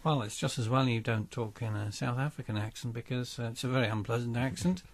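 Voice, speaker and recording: A man's voice: mid-range voice, steady tone, fast. A man hosts a mock-serious radio arts programme. His tone is pompous and stiff. He stumbles constantly over ums and restarts. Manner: pompous, hesitant, full of ums. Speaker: radio arts show host. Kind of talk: mock-serious spoof interview.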